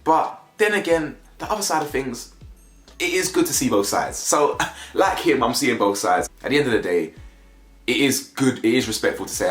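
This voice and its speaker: A man's voice: mid-range voice, expressive, normal speed, fairly bright tone. A young man gives a casual, slangy review of a reality show, firing off rhetorical questions. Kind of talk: casual commentary vlog. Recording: echoey room with faint music.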